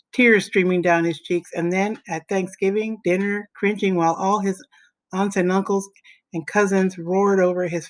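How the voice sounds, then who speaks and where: A woman with a fairly low voice reads a children's novel aloud. Her telling is steady and expressive. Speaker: reader. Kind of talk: audiobook narration.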